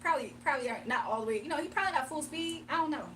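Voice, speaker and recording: A woman's voice: sits high, expressive, very fast, a bit bright. A woman hosting a casual livestream, chatting with viewers, laughing often and talking straight to the chat. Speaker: livestream host. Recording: a bit distant from the mic, faint hum.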